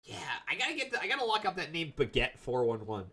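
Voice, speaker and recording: A man giving casual, joking let's-play commentary, sarcastic and lively. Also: fairly high pitch, fast talker. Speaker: streamer playing a game. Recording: mic sounds distant, game music behind.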